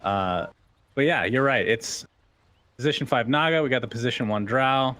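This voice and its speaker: A man's voice: medium pitch, normal speed, fairly bright tone. Conversational man casting a video game match. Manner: conversational, asks co-caster questions. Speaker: esports commentator. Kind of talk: casual live game commentary.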